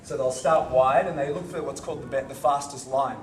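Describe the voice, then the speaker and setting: A man's voice: medium pitch, fairly quick, slight background noise. A man teaching a karate seminar, demonstrating moves and checking in with the group. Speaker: karate instructor. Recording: echoey hall, recorded from far off.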